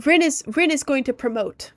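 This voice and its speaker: A woman's voice: high voice, normal speed. A woman streamer chatting casually on a live stream, rambling with lots of fillers and restarts.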